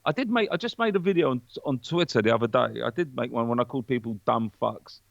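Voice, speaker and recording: A man, a podcast guest in casual chat, talking in an animated, preachy way with plenty of swearing. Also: medium pitch, fast talker, gravelly, dry recording, lo-fi sound.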